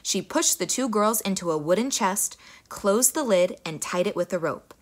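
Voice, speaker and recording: A young woman reads a children's folktale aloud, with her voice rising and falling freely from line to line. Her delivery is expressive and animated, made for young listeners. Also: medium pitch, moderate pace. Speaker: storyteller. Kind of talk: children's story read aloud.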